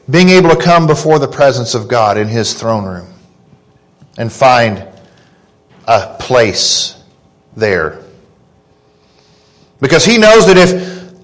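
A man in his thirties preaching a sermon, earnest and deliberate, rising in pitch when he quotes scripture. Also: a bit bright, rough recording. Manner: slow, earnest preaching with emphatic rises on quotes. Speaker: pastor.

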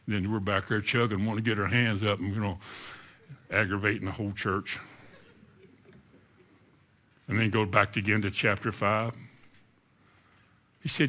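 A man's voice: medium pitch, normal speed, pauses often, bright, forceful tone. A male preacher, preaching a conversational sermon and asking the congregation questions.

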